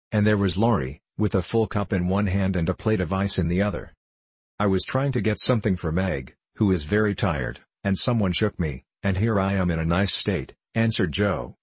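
A man's voice: sits low, husky, no room sound. A man reading a classic novel aloud as an audiobook narrator, giving the characters only slight shifts of voice. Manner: reads all characters in a near-plain voice with slight shifts. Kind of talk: scripted narration.

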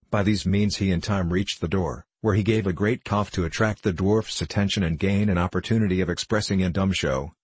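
A man narrating a classic novel in a measured, even way. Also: deep voice, slightly rough, no room sound. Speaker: audiobook narrator.

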